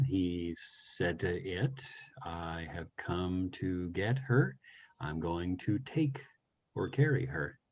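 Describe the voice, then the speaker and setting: A man leading a language study session, reading a story aloud and explaining it in a thoughtful, teacherly way with many pauses. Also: low voice, darkish tone, muffled recording. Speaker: session leader.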